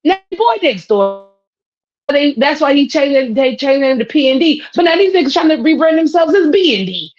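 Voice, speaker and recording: Woman ranting, profane and high-pitched. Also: sing-song, normal speed. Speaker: podcast co-host. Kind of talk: casual chat. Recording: dull lo-fi sound.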